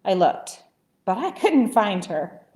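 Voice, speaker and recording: A woman librarian reading picture books aloud at story time, gentle and expressive, cheerful and encouraging with young children. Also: mid-range voice, takes it slowly, reverberant.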